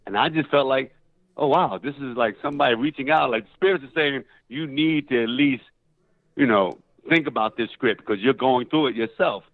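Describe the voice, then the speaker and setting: A middle-aged man spins a story in an interview, casual and animated, jumping into other voices as he goes. His sound is dry and squeezed down to a tinny, phone-like band. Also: mid-range voice, moderate pace, no room sound. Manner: animated, acts out quoted voices loudly. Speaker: actor guest.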